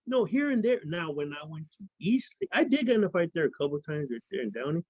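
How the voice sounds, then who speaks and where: A man's voice: on the high side, sing-song, quick pace, hardly any pauses, a little mellow, no echo. Man from Fresno, interview guest, rambling and profane, mimics voices in his stories; dry, dull lo-fi recording. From Fresno, California. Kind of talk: casual storytelling interview. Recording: dull lo-fi sound.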